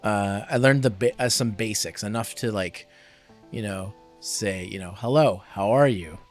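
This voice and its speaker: Low-voiced, rambling male streamer. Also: a little slow, faint music behind. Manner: rambling, with many fillers. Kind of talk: casual game stream chat.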